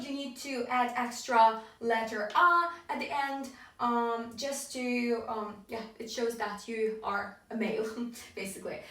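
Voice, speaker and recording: A woman teaching a language lesson, explaining patiently and modeling each phrase with clear rising intonation. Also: fairly high pitch, a bit bright. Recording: roomy echo, distant from mic.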